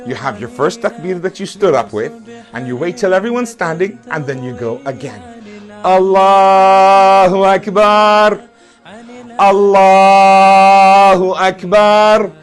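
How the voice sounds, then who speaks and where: A man teaching step by step how to pray a prayer at home, calling out the takbirs loud and drawn out. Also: on the high side. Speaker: religious teacher. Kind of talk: instructional talk.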